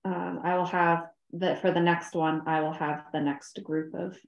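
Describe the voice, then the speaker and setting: A woman's voice: fairly low pitch, little pitch movement, a little slow, gravelly, dull audio. A woman town clerk at a meeting, practically explaining procedure step by step. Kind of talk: casual meeting talk. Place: town office meeting room. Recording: roomy meeting-room sound.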